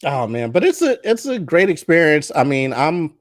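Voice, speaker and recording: Animated, high-voiced man chatting as host. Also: moderate pace, no room sound, clean studio sound. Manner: animated, laughing, acts out his baby's cries. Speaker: podcast host. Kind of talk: casual chat.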